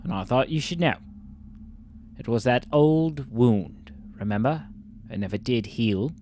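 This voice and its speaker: A man doing a put-on English accent as he reads out a letter from a rough-spoken man, halting and stumbling over words. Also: mid-range voice, warm tone, a little hiss or hum, lightly acted. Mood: gruff.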